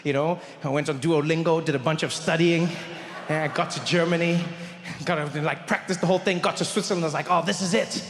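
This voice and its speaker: A male comedian telling a stand-up story in an animated way, acting out the people in it. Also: fairly high pitch, fast, big-room sound, a little hiss or hum. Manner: animated, acts out characters.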